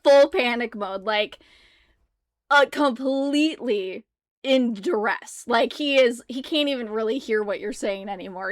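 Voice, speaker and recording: A woman's voice: fairly high pitch, dry recording, clean studio sound. A woman narrating a tabletop horror game as game master, adding sound effects as she goes.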